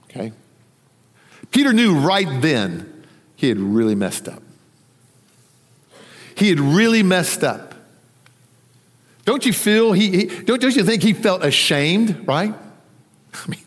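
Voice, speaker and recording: Animated preacher in a reverberant hall. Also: male voice, sits high, takes it slowly, long pauses. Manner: animated, acts out quoted voices, conversational. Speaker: pastor. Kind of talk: sermon.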